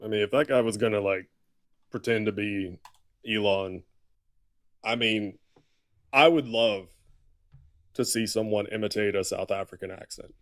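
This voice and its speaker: A man's voice: lowish voice, a little slow, long pauses, no room sound, clean studio sound. A man co-hosting a live stream, rambling and joking at his own expense. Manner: rambling, self-deprecating. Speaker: stream co-host. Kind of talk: casual live stream chat.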